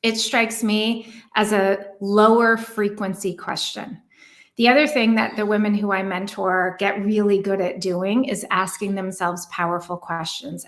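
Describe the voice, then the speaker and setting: An earnest woman talks as a relationship coach, her pitch sitting in a middle range. She asks one reflective question after another and drags out the key words, then hurries through her asides. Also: a bit bright. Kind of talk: coaching monologue.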